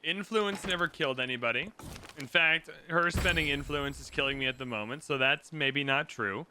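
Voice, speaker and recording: A man's voice: on the high side, moderate pace, background noise. A young man casually commentating a strategy game for his channel, playful and mock-outraged, joking with his viewers. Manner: playful, mock-outraged, jokey asides to the audience. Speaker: gaming YouTuber.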